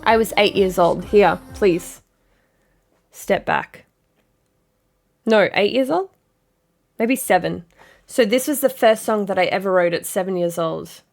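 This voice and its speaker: A woman's voice: medium pitch, measured pace, gravelly, pauses often, soft background music. A woman streamer joking and chatting casually with her viewers. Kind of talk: casual live-stream chat.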